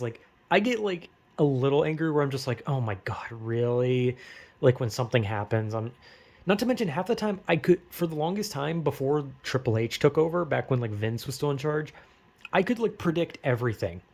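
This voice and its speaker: A man's voice: mid-range voice, a little mellow. A man rants casually to his audience in a mid-range voice. He rambles, circles back with fillers, and curses when frustrated. The talk is loose and unscripted. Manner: rambling, frustrated, swears often, many fillers. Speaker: wrestling fan vlogger. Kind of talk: casual rant.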